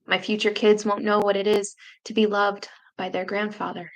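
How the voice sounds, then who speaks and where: A woman poet reading her own memoir poems aloud in a slow, measured, grave way with long pauses. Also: mid-range voice, flat delivery.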